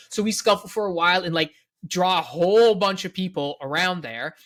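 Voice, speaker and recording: A man with a Canadian accent, co-hosting a casual podcast and telling stories in a rambling, animated way full of fillers. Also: high-pitched, a little fast. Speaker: co-host, game organizer.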